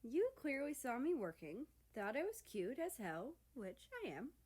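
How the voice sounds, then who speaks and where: A man's voice: very high-pitched, sing-song, unhurried, a little mellow, husky, voice pushed up, heavily acted. A woman voicing a brash, teasing young man, a personified country, who is cocky but flusters easily.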